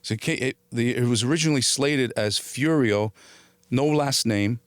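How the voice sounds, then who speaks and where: Middle-aged actor telling stories animatedly. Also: male voice, medium pitch, moderate pace, no room sound. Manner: animated storyteller who acts out quoted dialogue, casual swearing, frequent restarts. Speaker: actor, interview guest. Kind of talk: storytelling in a casual interview.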